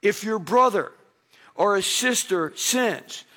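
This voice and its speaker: High-voiced man preaching a sermon. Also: slow. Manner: animated storytelling, acts out quoted voices. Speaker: pastor.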